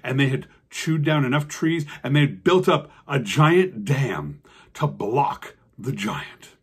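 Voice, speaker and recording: A man telling a children's story as a host, animated and acting out sound effects. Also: mid-range voice, slow, husky.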